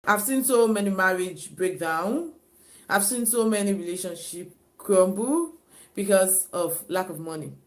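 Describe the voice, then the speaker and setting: A woman's voice: medium pitch, measured pace. A woman chatting casually on her own live stream, repeating herself and often laughing and sighing. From Africa.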